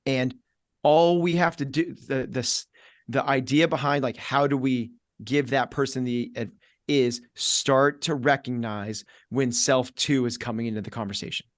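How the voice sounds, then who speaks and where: A middle-aged man talks as a fitness coach on a podcast, hammering points home in short, repeated beats. He slips into quick acted-out asides. His voice sits at an ordinary pitch for a man, and the recording is close and dry with no room echo. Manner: energetic, acts out inner voices in quoted asides; repetitive, punchy coaching delivery. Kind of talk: podcast conversation.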